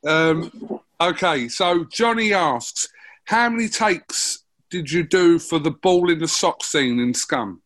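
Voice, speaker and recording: A man hosting a podcast interview, briskly reading out questions from listeners. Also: on the high side, lively intonation, fairly bright tone. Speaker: podcast host.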